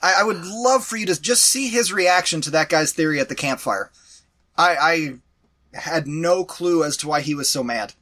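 Man, podcast co-host, bright and slightly high voice, animated and exasperated, casual swearing. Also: moderate pace. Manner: animated, exasperated storytelling with profanity. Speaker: podcast co-host reviewing a movie. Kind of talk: casual chat.

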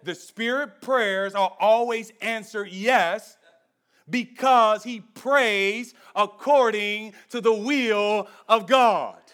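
High-voiced male pastor preaching. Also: slow, clean tone. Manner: conversational preaching, swings between loud emphasis and hushed intensity. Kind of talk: sermon.

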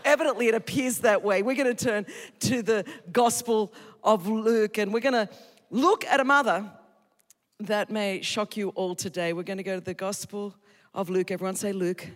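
A woman in her fifties with an Australian accent, preaching an energetic, joking sermon to a church congregation. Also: mid-range voice, moderate pace. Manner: exuberant, joking, emphatic. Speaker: guest preacher. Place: large church auditorium. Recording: reverberant church hall.

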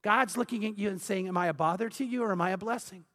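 A pastor preaching a sermon, animated and acting out the voices of the people he quotes. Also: high voice, fast talker. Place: church sanctuary. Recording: long hall reverb.

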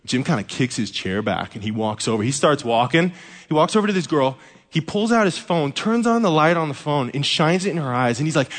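A man's voice: a little high, expressive, brisk. A man preaching a sermon as a pastor, telling a story with humor. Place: church sanctuary. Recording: echoey hall reverb.

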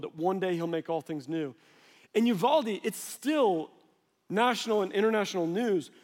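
A high-pitched male pastor in his forties, with a darkish tone, tells stories from the pulpit in a conversational way, slipping into the voices of the people in them. A long reverb suggests a large sanctuary.

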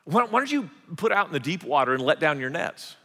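A preacher voicing a calm gentle teacher. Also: male voice, on the high side, a little fast, in a large hall, exaggerated voice. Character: calm adult male teacher, gently asking.

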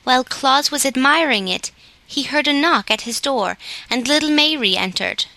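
Woman audiobook narrator, steady storytelling, bright tone, slightly high pitch. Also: moderate pace, dry recording. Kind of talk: scripted narration.

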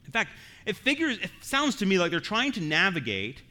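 A man's voice: high-pitched, wildly swooping pitch, moderate pace, pushed and bright. A man preaching an expository sermon as pastor, earnest and emphatic, often repeating words as he goes.

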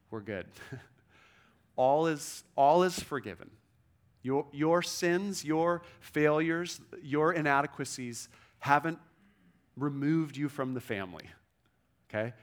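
A man's voice: mid-range voice, a bit bright. A man preaching a sermon in a conversational way, often checking in with the listeners and quoting scripture with emphasis. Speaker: pastor.

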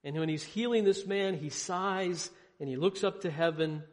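Male preacher, high register, dramatic questions and hushed drops, in a room with a long echo. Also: moderate pace. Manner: asks rhetorical questions, swings between loud emphasis and hushed lows. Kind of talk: sermon. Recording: long hall reverb.

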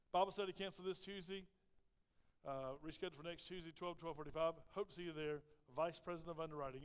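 Animated preacher telling a story. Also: male voice, on the high side, clear, resonant tone. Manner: animated storyteller, acts out quoted voices. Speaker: pastor. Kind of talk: sermon with personal story. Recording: long hall reverb.

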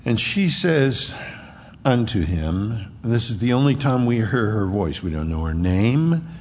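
A man's voice: fairly low pitch, sing-song, measured pace, darkish tone, in a large hall, a little hiss or hum. A man preaching a sermon as a pastor, with emphatic repetition.

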